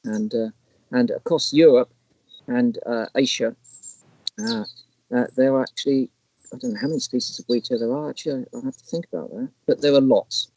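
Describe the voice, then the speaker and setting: A man's voice: mid-range voice, lively intonation, brisk, a little mellow, a little hiss or hum, rough recording. A man co-hosting a casual live stream, explaining bird species in a rambling, chatty way with lots of restarts. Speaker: naturalist co-host. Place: outdoors in the countryside.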